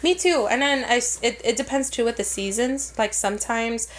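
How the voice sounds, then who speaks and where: A woman's voice: a little high, moderate pace, slight background noise. A woman co-hosting a podcast in casual chat, swearing freely, laughing often and acting out her family's lines. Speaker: podcast co-host.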